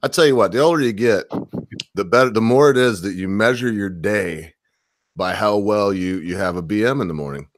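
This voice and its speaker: Very deep-voiced joking man. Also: a little fast, no echo, clean studio sound. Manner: crude joking storyteller. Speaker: co-host guest. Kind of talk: casual podcast chat.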